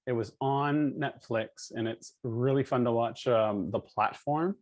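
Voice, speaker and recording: A man co-hosting a podcast in casual chat. He speaks at a middling pitch and often stops to hunt for words, trailing off and starting again. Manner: halting, with many fillers and restarts. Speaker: podcast co-host.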